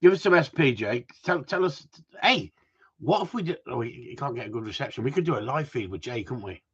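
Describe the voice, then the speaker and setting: A man's voice: mid-range voice, lively intonation, a little fast, husky. A man chatting and joking on a livestream, rambling and swearing as he talks to viewers. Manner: rambling, swears, jokey banter. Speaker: livestream host. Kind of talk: casual chat to a live audience. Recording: dull lo-fi sound.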